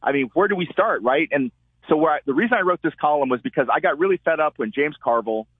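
Columnist guy calling in, husky voice, sounds like a phone, gets animated telling stories. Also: on the high side, fast talker, dry recording. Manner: animated storyteller, acts out quotes. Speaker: columnist guest. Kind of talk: call-in commentary. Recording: tinny phone line.

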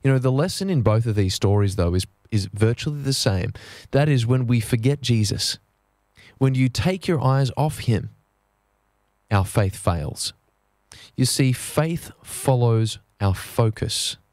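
A man's voice: mid-range voice, expressive, darkish tone, no room sound. Earnest male preacher, dry close sound. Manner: earnest, slowing down to stress key phrases. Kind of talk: sermon.

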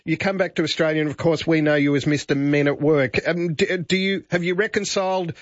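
A man hosting a radio interview, brisk and enthusiastic. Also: fairly high pitch, steady tone, no room sound, dull audio. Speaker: radio host.

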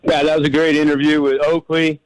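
Older new guy calling in, rambling and repeating himself, kinda high voice, dry phone sound. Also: little pitch movement, a little fast, no echo, rough recording. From New York. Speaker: caller. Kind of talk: phone-in caller story.

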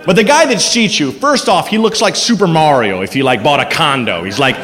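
Animated male stand-up comic, live club. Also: a little high, brisk. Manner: animated, slips into silly voices for bits. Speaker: stand-up comedian. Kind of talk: stand-up comedy set. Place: comedy club stage. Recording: live club recording with hall echo and noise.

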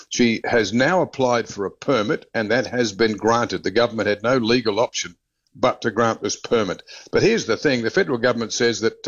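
A man reporting as a radio correspondent, brisk and opinionated in a conversational way. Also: mid-range voice. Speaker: Australia correspondent. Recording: dull lo-fi line.

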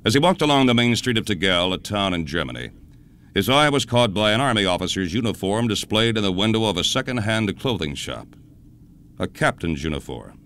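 A man hosting a radio show, telling a historical story in a measured, dramatic scripted narration. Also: fairly low pitch, a bit bright, smooth.

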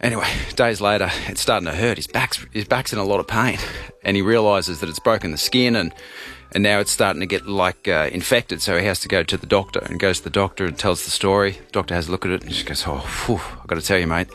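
A man hosting morning radio, telling a joke in a chatty, halting way with many fillers. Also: sits low, a bit bright, faint music behind. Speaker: radio show host.

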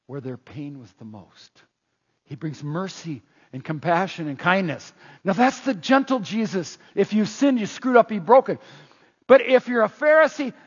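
A man preaching a sermon in an animated way, full of rhetorical questions, in a dull, echoey hall recording. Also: extremely high pitch, slightly rough. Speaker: pastor.

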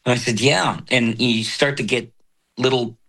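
An older man, a voice actor, talking in an interview in a reflective, halting way with many fillers. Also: medium pitch, little pitch movement, fairly bright tone. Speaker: voice actor guest. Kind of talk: casual interview talk.

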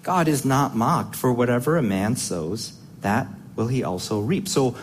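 A man preaching with emphatic conviction, asking his listeners rhetorical questions. His voice sits at an ordinary middle pitch, and he often doubles back on words as he builds toward his points. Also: a little slow, a little hiss or hum. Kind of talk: sermon.

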